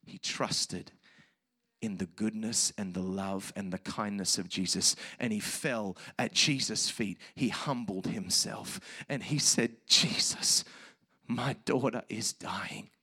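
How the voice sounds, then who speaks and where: Man, pastor, lively sermon delivery, sharp bright tone. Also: fairly low pitch, measured pace, husky. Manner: animated preacher, big swings from hushed to loud. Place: church service with children present.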